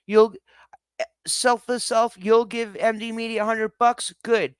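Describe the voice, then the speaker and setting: A woman's voice: medium pitch, slow, clear, resonant tone, no echo, studio quality. A woman ranting angrily at her chat on a live stream, swearing constantly and lecturing. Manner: heated, profane, lecturing. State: angry.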